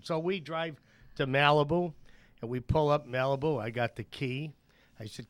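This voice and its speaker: A man guest on a talk show telling animated anecdotes. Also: fairly high pitch, moderate pace, no echo. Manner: animated storyteller, acts out voices.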